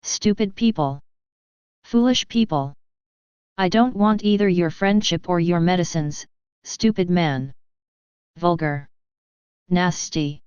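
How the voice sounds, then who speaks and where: A woman's voice: lowish voice, slow, long pauses, clean tone, no echo. A woman reading the lines of an agitated, indignant middle-aged male doctor in an audiobook. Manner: indignant, shouting. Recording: dull lo-fi.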